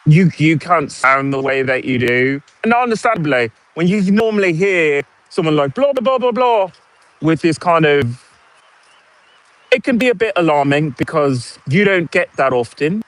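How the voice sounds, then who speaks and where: A man's voice: a little high, animated, normal speed, fairly bright tone, no room sound. A man in his forties with a posh British accent, telling a sarcastic story in a casual vlog monologue. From United States. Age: 40s. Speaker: vlogger.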